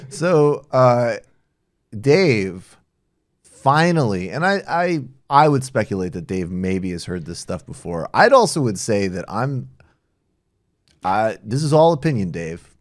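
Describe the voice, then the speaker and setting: A male podcast host in casual political chat, animated and swearing freely as he jokes. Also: fairly low pitch, slow, dry recording, studio quality.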